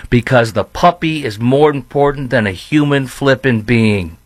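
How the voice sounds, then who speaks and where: A blunt commentary host with a Chicago accent, a man who rambles and restarts as he speaks. His voice sits at an ordinary pitch for a man. The recording is dry and close, with no room sound. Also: normal speed, hardly any pauses, no room sound. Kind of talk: opinionated commentary.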